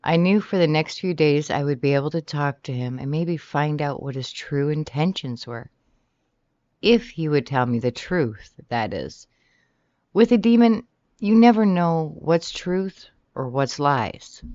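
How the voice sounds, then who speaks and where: An audiobook narrator reading a romance novel in the first person, animated and shifting pitch often from line to line. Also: unhurried, dry recording. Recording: slightly dull, dry recording.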